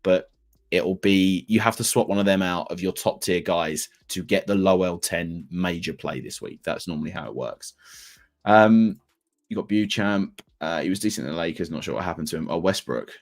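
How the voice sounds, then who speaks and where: Male streamer, thirties, low pitch, rambling, self-mocking live chat. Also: moderate pace. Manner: rambling, self-deprecating, chatty. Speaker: fantasy basketball streamer.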